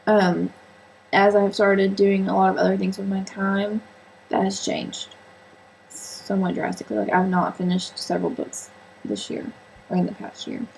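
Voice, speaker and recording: A woman's voice: mid-range voice, moderate pace, vocal fry, a little mellow, a little hiss or hum, rough recording. A woman chatting casually on her own vlog about sewing and books, rambling and joking at her own expense with lots of fillers. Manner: chatty, rambling, self-mocking, many fillers. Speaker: book and sewing vlogger. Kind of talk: casual solo vlog chat.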